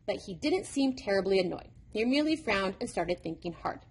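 A woman narrating a children's book in an expressive storytelling manner. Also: medium pitch, a little fast, breathy edge. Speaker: reader.

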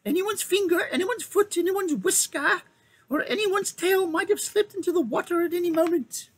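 A man reading aloud and voicing a small, courtly talking mouse knight in a squeaky high voice. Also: normal speed, poor audio. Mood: grave.

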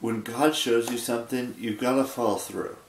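A man's voice: mid-range voice, steady tone, slight background noise. Sleepy rambling young man, echoey room. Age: 20s. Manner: rambling, halting, with many restarts. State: sleepy, yawning. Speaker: vlogger. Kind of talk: casual late-night vlog monologue.

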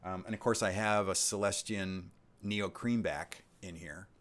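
A man's voice: low voice, fairly even intonation, unhurried, fairly bright tone. A man in his sixties hosting his channel's live stream, chatting casually and reading out viewer comments with rambling asides. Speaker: channel host.

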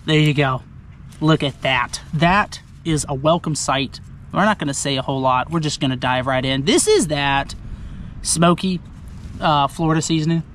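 A man talking casually to camera outdoors on the coast as he cooks and eats his catch, upbeat and chatty, thinking out loud. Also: fairly high pitch, measured pace, pauses often, slight background noise. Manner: upbeat, chatty, talks to himself while deciding. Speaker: outdoor adventure vlogger. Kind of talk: casual narration to camera while cooking.

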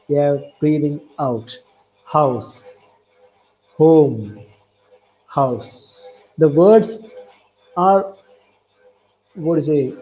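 A man with a Kerala Indian English accent giving an online lecture on poetry, speaking slowly and deliberately, repeating key phrases and reciting lines of verse softly. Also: fairly high pitch, poor audio. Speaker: English professor.

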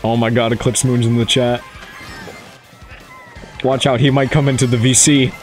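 A man in a gaming voice chat, excitable and joking with friends. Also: mid-range voice, moderate pace, soft background music.

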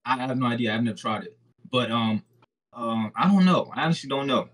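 A man's voice: mid-range voice, fairly quick, a bit bright, poor audio. A man in his twenties from Haiti, a guest who makes hair oil, chatting in an easygoing, reassuring way. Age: 20s. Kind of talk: casual chat.

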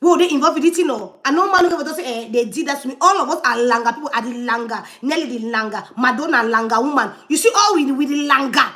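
A woman giving animated livestream commentary, laughing often and dropping into murmured asides. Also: sits high, fast talker, hardly any pauses.

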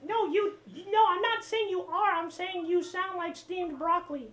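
A woman with a very high, childlike voice, talking in a silly, innocent way for a gaming prank video. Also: moderate pace, fairly bright tone, reverberant. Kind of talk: casual vlog intro and game chat prank.

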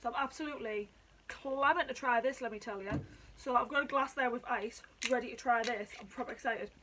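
Excitable woman vlogging. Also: on the high side, brisk, background noise. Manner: excitable, chatty, swears freely. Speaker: vlogger reviewing drinks. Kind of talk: casual vlog chat. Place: at home indoors.

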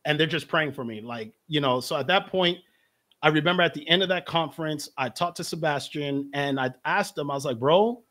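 A young adult man and pastor telling his personal testimony in conversation, telling it in a lively way and acting out the voices of the people he quotes. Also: a little high, fairly quick. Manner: animated storytelling, acts out quoted voices.

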